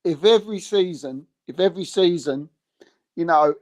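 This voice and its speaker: A man chatting casually about football as a podcast co-host, animated and given to mocking other fans. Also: fairly high pitch, moderate pace. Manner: animated, mocks other fans in put-on voices. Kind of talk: casual chat.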